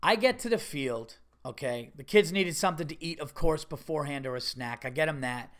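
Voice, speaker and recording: A middle-aged man hosting a podcast, telling a story in a casual, animated and exasperated way, swearing freely. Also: a little high, fairly quick. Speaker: podcast host.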